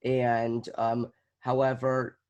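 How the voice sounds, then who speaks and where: A teenage boy from Southern California answers his acting coach over a video call. He has a mid-pitched voice and speaks hesitantly, restarting his sentences as he works out his ideas. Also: monotone, takes it slowly, darkish tone, clear, resonant tone, lo-fi sound. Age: teens. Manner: hesitant, thinking aloud with many fillers and restarts. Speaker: acting student.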